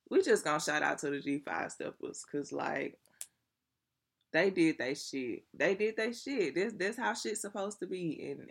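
A young adult woman vlogging, telling stories to her viewers in an animated, chatty, profane way full of slang. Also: lowish voice. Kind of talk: casual storytelling to viewers.

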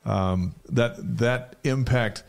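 A man's voice: medium pitch, drawn-out words, gravelly. A man co-hosting a studio talk show, prompting the guest with questions. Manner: prompting questions, steady delivery. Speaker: co-host. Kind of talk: casual studio conversation.

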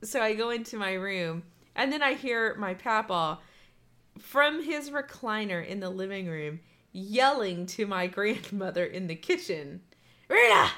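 A woman tells an embarrassing story in a relaxed conversation, candid and swearing freely. She laughs through it, with a bright, crisp voice at a middling pitch. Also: unhurried. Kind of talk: casual chat, storytelling.

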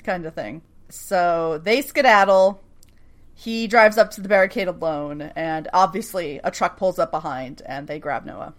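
Animated woman recapping with profane asides. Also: on the low side. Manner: animated, swears freely, acts out lines in quick asides. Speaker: podcast co-host recapping a TV episode. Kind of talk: casual chat.

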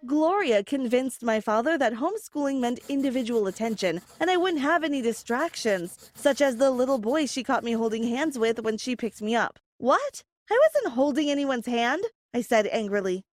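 A woman's voice: on the high side, animated, moderate pace, few pauses. A woman narrating a first-person story in an earnest, plain storytelling manner.

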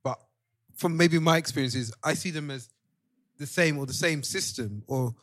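A man's voice: fairly high pitch, normal speed, a bit bright, no room sound, clean studio sound. A man co-hosting a podcast chat, reflective and asking questions. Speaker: podcast co-host. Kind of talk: casual chat.

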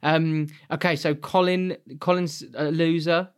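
A man co-hosting a casual podcast chat, animated and laughing often, his voice leaping up when he is outraged. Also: a little high, unhurried, clear, resonant tone. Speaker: podcast co-host.

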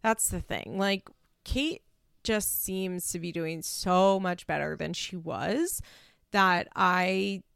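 Creaky-voiced woman chatting casually. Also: lowish voice, takes it slowly, a bit bright, no echo, studio quality. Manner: chatty, lots of "like" and restarts, frank swearing. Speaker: reality TV commentator. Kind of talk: casual opinion chat.

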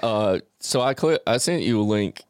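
A man's voice: lowish voice, expressive, normal speed, clean tone, no echo, studio quality. A man co-hosting a comedy podcast, chatting casually and joking at his own expense with frequent laughs. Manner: self-deprecating, laughs often, hesitant restarts. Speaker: podcast co-host.

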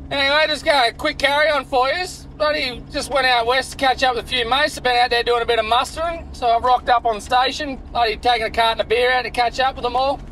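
A man's voice: very high-pitched, fairly even intonation, fast, few pauses, sharp tone, a little hiss or hum, poor audio. An Australian man leaving a cheery, blokey joke-telling voice message from a car. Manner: cheery, blokey yarn-spinning.

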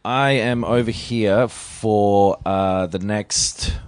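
A young man rambles in a relaxed way as a podcast guest, swearing now and then. His voice is low for a man. The sound is dry and close. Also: drawn-out words, clean tone, no echo. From Australia. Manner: rambling, laid-back, swearing. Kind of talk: casual remote chat.

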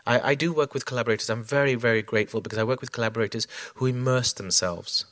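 A man talking about his creative process in a reflective, halting way. His voice sits at an everyday middle pitch. The sound is close and dry. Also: a bit bright, no echo. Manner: reflective, many fillers and restarts. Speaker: choreographer guest. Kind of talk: onstage conversation.

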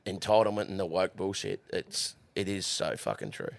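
A man's voice: low-pitched, very animated, moderate pace, gravelly, no echo. A man with an Australian accent, a guest telling stories from the horse stables, swearing freely and laughing as he talks. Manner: profane, laughing storyteller. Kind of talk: casual podcast chat. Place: studio.

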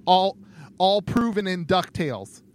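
A young man co-hosts a podcast in a loose, casual chat. His voice sits a little high, and he meanders through his points with plenty of ums and offhand jokes. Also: lively intonation, measured pace. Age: young adult. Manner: rambling, many ums, laid-back joking. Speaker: podcast co-host.

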